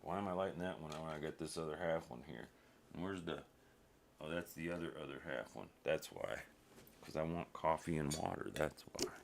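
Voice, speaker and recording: A man's voice: extremely low pitch, a little fast, creaky, a little hiss or hum. A man talking in a rambling casual monologue, wandering off track and muttering to himself as he goes. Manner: uses minced oaths. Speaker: solo streamer.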